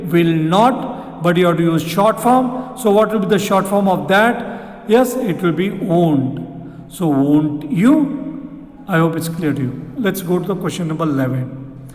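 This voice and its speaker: A man with an Indian English accent, teaching exam grammar, who repeats sentences slowly and asks rhetorical questions. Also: high voice. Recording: echoey room with long reverb.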